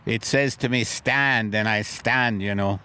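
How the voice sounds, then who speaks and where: A man's voice: on the low side, fairly even intonation, moderate pace, pushed and bright, slight background noise. A man hosting a comedy podcast, rambling in a self-mocking improvised bit. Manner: rambling, self-mocking, shifts into put-on voices.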